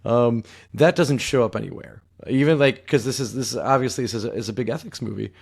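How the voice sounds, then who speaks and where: Casting: 30s male podcast co-host, gravelly mid voice, dry wisecracks. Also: mid-range voice, fairly quick. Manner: dry joking asides. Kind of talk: casual movie review chat.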